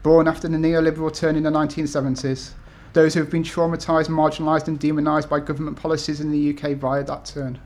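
A man's voice: on the high side, flat delivery, fast talker, few pauses, darkish tone. A man in his thirties from the UK, an author talking to an event audience with many ums and restarts, then reading his essays aloud. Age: 30s.

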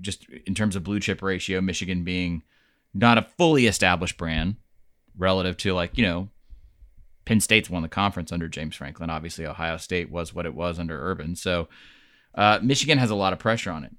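A man's voice: low-pitched, a little fast, fairly bright tone, no room sound, clean studio sound. A man co-hosting a casual sports talk show, blunt and opinionated, swearing freely as he argues his point. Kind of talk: casual sports podcast debate.

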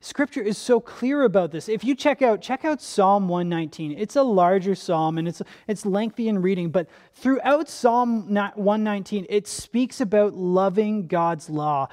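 A young male pastor giving a sermon in a relaxed, conversational, storytelling way, often restarting his sentences. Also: high voice, normal speed, hardly any pauses.

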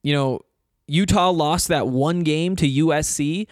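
A man's voice: fairly high pitch, measured pace, no room sound. Dry-voiced man rambling about college sports. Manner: rambling, restarts often, coach-like asides. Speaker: sports podcast host. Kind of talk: casual solo sports commentary.

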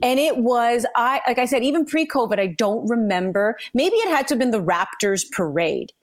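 A woman's voice: fairly high pitch, moderate pace. A woman from Canada, a sportscaster, chatting casually as a podcast guest and acting out quotes as she tells stories. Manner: chatty, animated storyteller, acts out quotes.

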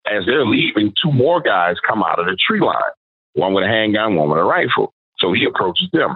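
Man, very deep, dry phone-line sound, relaxed storyteller. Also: brisk, husky, no room sound. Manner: conversational, quotes people in his story. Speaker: podcast guest, paranormal storyteller. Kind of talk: casual storytelling.

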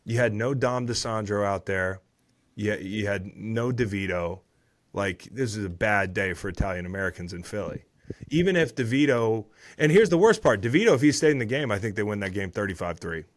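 A former football player in his thirties hosts a podcast and recaps the week in loose, rambling chat. His voice sits low but swings widely in pitch and volume as he gets worked up. He swears freely and wanders off into asides. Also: animated, a little fast. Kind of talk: casual sports recap chat.

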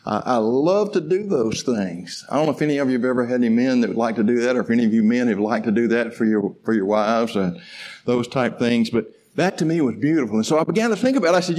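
A male pastor preaching a sermon in a folksy, conversational way, stumbling into restarts and swinging from soft, slow musing to loud, fervent exhortation. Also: mid-range voice.

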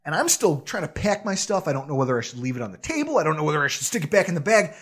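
A man co-hosting a podcast, telling a self-deprecating story in a casual, animated way with frequent laughs. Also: a little high, rapid-fire, slightly rough. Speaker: podcast co-host.

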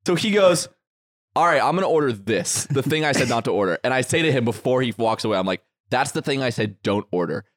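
A man's voice: mid-range voice, fast, no room sound, clean studio sound. A young man co-hosting a podcast, telling a story in casual chat and acting out the quotes with laughter. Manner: animated, laughing, acts out quotes. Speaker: podcast co-host.

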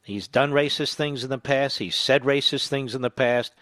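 A man's voice: medium pitch, fairly even intonation, normal speed, dry recording, clean studio sound. Indignant male political talk host. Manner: indignant, emphatic, rising to loud outrage. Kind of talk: combative political commentary monologue.

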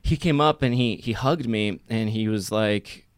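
A man with a deep, smooth, clear voice talks earnestly on a podcast, rambling through his thoughts with plenty of ums and restarts. The sound is close and dry, from a studio mic. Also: unhurried, no echo. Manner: earnest, reflective, loose rambling with fillers. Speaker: podcast co-host. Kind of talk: casual podcast chat.

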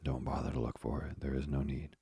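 A man reading the part of a frail, gentle elderly father in a soft, slow, hushed voice. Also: extremely low pitch, flat delivery, slightly rough, no echo, clean studio sound, full character voice.

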